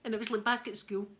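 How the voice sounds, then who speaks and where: A woman's voice: a little high, a bit bright, slight background noise, low-quality recording. A Scottish woman chatting casually while she irons, hosting her stream and laughing often. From Scotland. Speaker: live-stream host. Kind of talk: casual chat while ironing.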